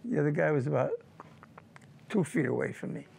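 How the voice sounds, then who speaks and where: Gravelly older veteran recalling war. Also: male voice, a little high, lively intonation, a little mellow. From United States. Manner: emotional, halting recollection with repeated words. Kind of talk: personal war testimony.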